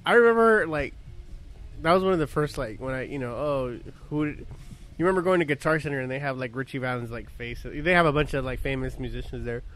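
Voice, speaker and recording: A man's voice: mid-range voice, fast, a bit bright, soft background music. A man in his thirties in casual chat, telling profane, laughing stories as a podcast host.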